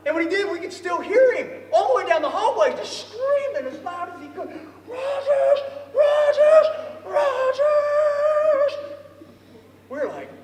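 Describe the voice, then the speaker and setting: A man telling a lively story to an audience, acting out voices and often laughing. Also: extremely high pitch, brisk, few pauses. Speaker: storyteller speaker. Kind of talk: storytelling speech. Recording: echoey hall from far off.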